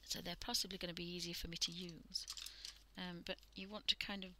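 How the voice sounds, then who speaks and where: This UK art livestream host demonstrates drawing in a casual, soft, often half-whispered manner, chatty and filled with fillers. She speaks at a fairly low pitch, fairly quickly, with little pitch movement, and background noise is audible.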